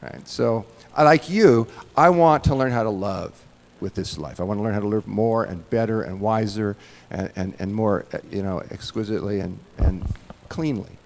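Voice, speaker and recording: A man in his sixties asking a question in an onstage conversation, earnest and searching, with halting phrasing. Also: lowish voice, gravelly, a little mellow. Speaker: interviewer. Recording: long hall reverb.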